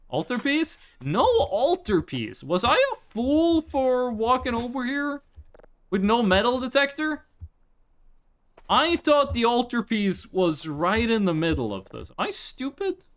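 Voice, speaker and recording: A game streamer chatting casually during a live gameplay session, swearing freely and bursting into excited exclamations, recorded on a desk microphone at home. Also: medium pitch.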